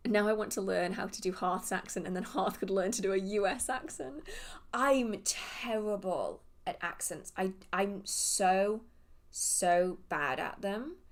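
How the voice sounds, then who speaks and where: A young English woman with a southern English accent hosts a relaxed livestream Q&A, reading out viewer questions and answering them off the cuff. She talks in a loose, chatty way, drifting into tangents and circling back with little fillers. Her voice sits at an ordinary middle pitch for a woman. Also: measured pace. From England. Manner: chatty, rambling, goes off on tangents. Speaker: witchcraft Q&A livestream host.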